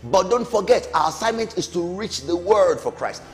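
Animated man preaching a lesson. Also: high-pitched, moderate pace. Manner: emphatic, rising calls and falling amens. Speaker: Sunday school teacher. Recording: long hall reverb, faint music.

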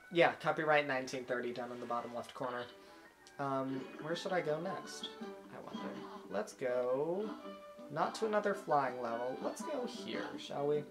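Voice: mid-range voice, rough recording. A gaming channel host giving casual, rambling let's-play commentary, easily distracted and given to humming tunes aloud. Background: video game music.

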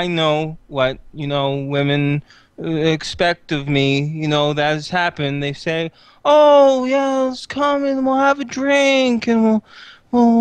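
Man playing a nervous nerdy young hacker, withdrawn and stammering, slow halting delivery, dry close sound. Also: high-pitched, clear, resonant tone, no room sound. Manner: stammering, halting speech with filler words.

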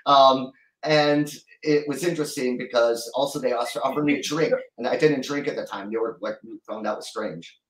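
A middle-aged man telling a long story as a guest in an interview, rambling and halting, with many restarts. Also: mid-range voice, roomy sound, far from the mic, rough recording. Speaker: guest musician.

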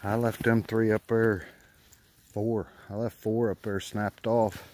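Slow, low-voiced man outdoors. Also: little pitch movement, a little mellow, slight background noise. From West Virginia. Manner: folksy, talks to himself. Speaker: trapper vlogger. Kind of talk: walking outdoor vlog. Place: woods outdoors.

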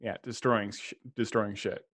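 A man's voice: lowish voice, level tone, normal speed, a bit bright. A man narrating a tabletop game as dungeon master, describing the scene and laughing easily.

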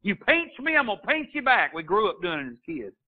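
A man's voice: high voice, big pitch swings, brisk. A man preaching a sermon as a pastor, rising into emphatic bursts and quoting scripture in old-fashioned wording. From Texas. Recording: tinny phone-line sound.

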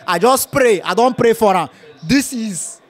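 Young nigerian guy talking pidgin football reaction, highish voice, laughs a lot, repeats stuff. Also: measured pace. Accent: Nigerian Pidgin English. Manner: lively, laughs often, repeats phrases. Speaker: football fan giving match reaction. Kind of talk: casual post-match chat.

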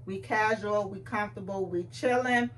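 A young woman speaks at medium pitch and moderate pace as she chats playfully to camera about clothes. The fashion vlogger addresses viewers directly, recording at home on a phone with slight background noise.

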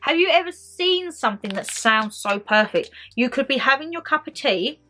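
A young British woman chatting excitedly to her viewers as she shows off a shopping haul at home. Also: sits high, normal speed, faint music behind. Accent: British English. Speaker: vlogger. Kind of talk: casual shopping haul vlog.

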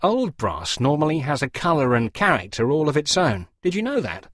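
A man's voice: fairly high pitch, big pitch swings, moderate pace, fairly bright tone, no echo, clean studio sound, pitched above the performer's own voice. A man voicing a fussy, pompous middle-aged clergyman who lectures in a precise, theatrical way. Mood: lecturing.

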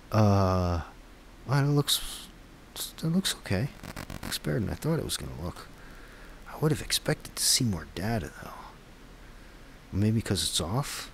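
Speaking at a medium pitch with big swings, he is unhurried and leaves long pauses, with slight background noise behind him. He's an app developer vlogger trying out his own app on camera, muttering frustrated, self-deprecating asides to himself as he debugs in a casual screen-recorded video.

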